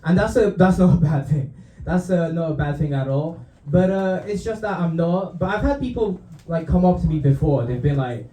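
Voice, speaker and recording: A young man with a Romanian accent, from Romania, performing a laid-back, deadpan stand-up set in a comedy club. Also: on the high side, normal speed, echoey room, far from the mic, low-quality recording. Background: audience laughter.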